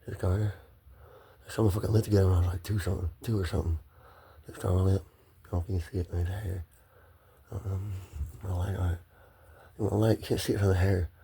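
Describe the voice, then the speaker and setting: A man's voice: sits low, fairly even intonation, fast talker, gravelly, pauses often, warm tone, husky. A man rambling through a profane, emotionally volatile personal monologue to his camera. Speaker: vlogger.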